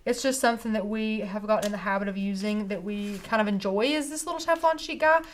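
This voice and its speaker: A young woman with a Southern US accent chats casually on a livestream while demonstrating a craft project. Her voice is medium-pitched and she talks fast, staying chatty and upbeat and laughing often.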